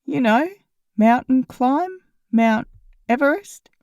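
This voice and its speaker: A playful young man with a dry wit, teasing and stretching out his punchlines, as a woman reading a novel puts him on. His voice sits on the mellow, soft side, close to the mic in a dry booth. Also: high voice, big pitch swings, no echo, pitched above the performer's own voice, heavily acted. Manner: gently mocking, drawn-out teasing.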